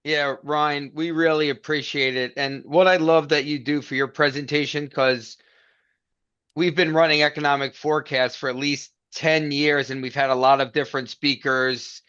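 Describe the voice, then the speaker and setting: A man's voice: on the high side, little pitch movement, moderate pace, a bit bright, smooth. A man hosting a video-call webinar, earnestly thanking a guest speaker. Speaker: webinar host. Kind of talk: appreciative wrap-up. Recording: dull lo-fi call audio.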